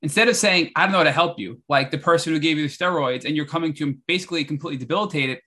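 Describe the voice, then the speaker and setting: A man's voice: fairly high pitch, rapid-fire, pushed and bright. A man hosting an interview, recapping the guest's story and asking eager follow-up questions. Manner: enthusiastic, apologetic interruptions, recapping. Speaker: podcast host.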